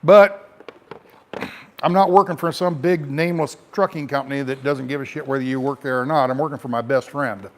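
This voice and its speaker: A man's voice: medium pitch, fairly even intonation, a little fast. A middle-aged American man, a truck driver, telling a rambling, frank story to camera in a casual way.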